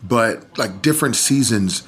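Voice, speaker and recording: A man's voice: on the low side, animated, measured pace, breathy edge. A man from Texas, a podcast guest, tells an emotional personal story earnestly, his voice catching with tears.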